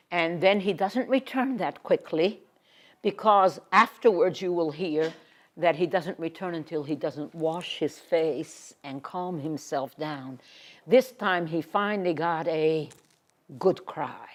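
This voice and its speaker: A woman giving a Torah lecture. She reads Hebrew verses and then translates them, sinking to a hushed whisper on emotional words. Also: on the low side, expressive, slow. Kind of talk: expressive Bible lecture.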